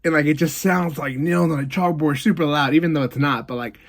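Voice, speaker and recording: Casual reviewer, male, fairly high voice, animated plot recap full of fillers. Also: vocal fry. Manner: animated retelling, filler-heavy, quick asides. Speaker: movie reviewer. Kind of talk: casual spoken movie review.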